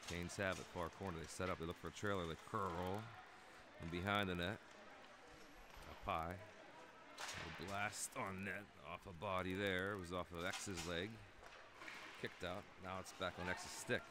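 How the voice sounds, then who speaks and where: A man calling a youth hockey game play-by-play, excitable and jokey, shouting out the goals. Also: sits low, normal speed. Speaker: play-by-play commentator. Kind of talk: amateur youth hockey commentary. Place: hockey rink. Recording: noisy recording with rink ambience.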